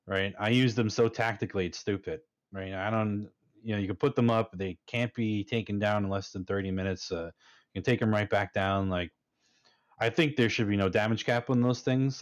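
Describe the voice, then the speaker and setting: Lowish guy on a muffled lo-fi line, emphatic, keeps saying right?. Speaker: panel guest, fleet commander. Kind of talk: casual panel discussion.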